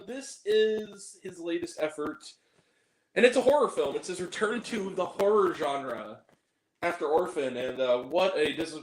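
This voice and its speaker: A man hosting a casual movie review show, talking in an animated, joking way with mock-angry rants. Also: high voice, echoey room, poor audio.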